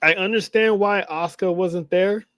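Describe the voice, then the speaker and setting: Animated man recapping wrestling. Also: high voice, normal speed, dry recording, studio quality. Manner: animated storytelling, acts out quotes, laughs often. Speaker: podcast co-host. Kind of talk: casual wrestling recap chat.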